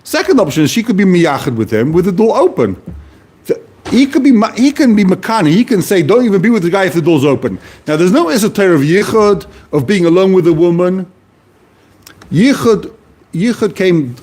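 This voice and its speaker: A man lecturing on a classic text in a lively, question-driven way. His voice sits a bit high and is husky, and it leaps up and down as he presses a point. He often repeats key phrases and restarts sentences as he builds an argument. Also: fairly quick. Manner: poses questions to the listener and answers them. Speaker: Talmud teacher.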